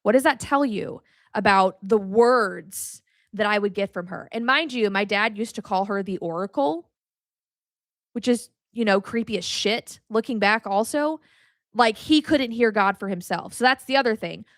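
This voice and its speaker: A woman's voice: medium pitch, moderate pace, no room sound, studio quality. A young adult woman hosting a podcast, teaching about faith in a blunt, casual way, cussing freely and ranting with animation. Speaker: podcast host.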